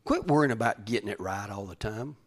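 Man, pastor, folksy sermon, loud to whispered swings. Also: on the low side, animated, a little fast.

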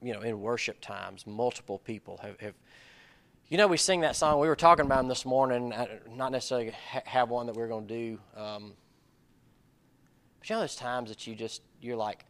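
A man's voice: mid-range voice, brisk, vocal fry, fairly bright tone. A middle-aged man giving an informal, conversational sermon, earnest and at times building to emphatic peaks. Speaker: pastor or Bible study leader.

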